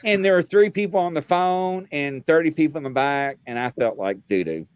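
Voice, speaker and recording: A man's voice: fairly high pitch, expressive, a little fast, smooth, dry recording, dull audio. A man co-hosting a live show, telling rambling funny stories about his day and laughing at himself. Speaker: podcast co-host. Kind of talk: casual live-stream banter.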